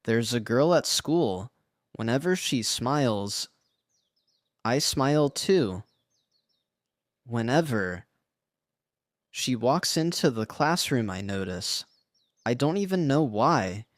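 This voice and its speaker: A man's voice: medium pitch, animated, slow, pauses often, dry recording, studio quality. A man voicing a shy, earnest teenage grandson in a scripted story.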